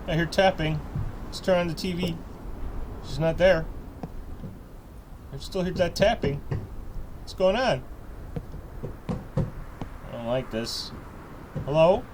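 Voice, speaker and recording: A man's voice: on the high side, slow, pauses often, noisy background. A man playing a horror game and talking through it, jittery and repeating nervous phrases while he speaks to the ghost. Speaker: horror game let's player. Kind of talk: horror game playthrough commentary. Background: loud game music.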